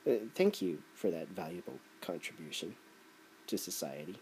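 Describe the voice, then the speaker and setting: A man's voice: low-pitched, lively intonation, moderate pace, a little mellow, slight background noise. A man delivering a sarcastic, ranting opinion commentary. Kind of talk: opinion rant video.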